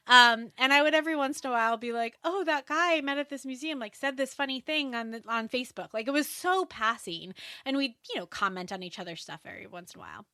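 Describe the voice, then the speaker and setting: A woman guest on a podcast, telling a personal story in a casual, animated way and laughing often. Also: sits high, quick pace, few pauses, no room sound, studio quality.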